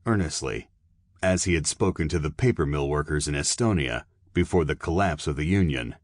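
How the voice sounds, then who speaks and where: A male audiobook narrator with a low, husky voice, reading in a measured way. The recording is dry and close, with no room around it. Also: no room sound. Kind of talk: scripted narration.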